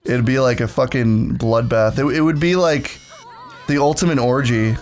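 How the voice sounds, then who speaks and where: A man's voice: mid-range voice, normal speed, a little mellow, faint music behind. A man co-hosting a casual gaming video, tossing out crude, mocking quips. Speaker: let's play co-host.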